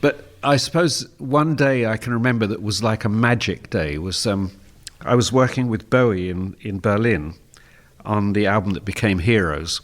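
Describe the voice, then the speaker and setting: A man's voice: fairly low pitch, moderate pace. Older English man telling a studio story. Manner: laughs often while telling stories. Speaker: guest musician. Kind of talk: relaxed storytelling. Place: radio studio.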